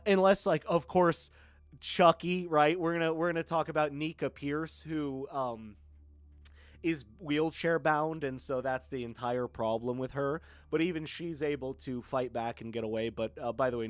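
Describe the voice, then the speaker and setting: A Florida man in his twenties speaks at a medium pitch with no room sound, though faint horror music plays behind him. He chats casually with viewers on a live stream, rambling along and thanking people often.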